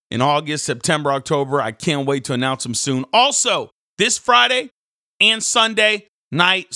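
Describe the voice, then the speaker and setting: Bright-voiced pastor, animated. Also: male voice, mid-range voice, no echo, studio quality. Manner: animated, jumps into loud mocking voices of other people. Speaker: pastor and devotional host. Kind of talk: energetic devotional sermon.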